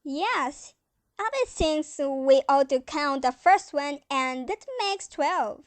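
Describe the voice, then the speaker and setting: Brief: young woman as a mild old aunt, very high voice, slow and soothing delivery. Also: animated, dry recording. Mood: placid. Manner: soothing, gentle, says dear often. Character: sweet, calm elderly aunt, gently matter-of-fact. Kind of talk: amateur stage acting.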